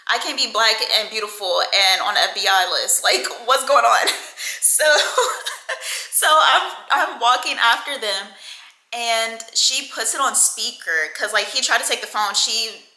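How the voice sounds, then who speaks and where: A woman telling a casual storytime, animated and laughing as she acts out the people in it. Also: on the high side, unhurried, roomy sound, poor audio. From Houston area.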